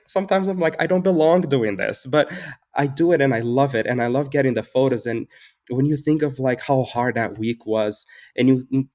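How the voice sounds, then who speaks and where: A man's voice: mid-range voice, normal speed, a little mellow. A man in his forties, a flower farmer and floral designer, telling personal stories in a casual interview with an earnest, reflective manner, acting out dialogue and laughing often. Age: 40s.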